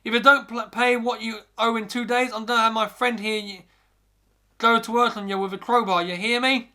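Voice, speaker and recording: Slimy mob debt collector, voiced by a man, loud and threatening, bright edgy tone, storytelling podcast. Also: high voice, fairly even intonation, fairly quick. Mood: menacing.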